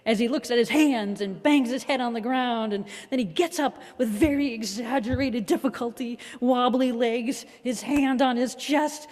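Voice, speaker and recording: A woman minister giving a reflective, measured sermon with a gently wry touch. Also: fairly high pitch. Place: worship hall. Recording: long hall reverb.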